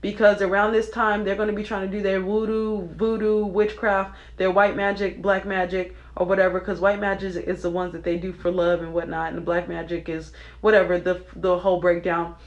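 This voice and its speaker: Young woman, casual devotional vlog, chatty and earnest, mid-pitched voice. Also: level tone, fairly quick, few pauses, lo-fi sound. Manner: chatty, earnest, many fillers and asides. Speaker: faith vlogger giving spiritual readings. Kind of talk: casual devotional talk to viewers.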